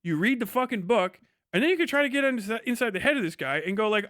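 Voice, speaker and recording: Profane ranting man, high voice. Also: expressive, fast talker, fairly bright tone, no echo, studio quality. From United States. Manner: profane, heated, mocking impressions. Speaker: streamer. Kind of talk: ranting livestream monologue.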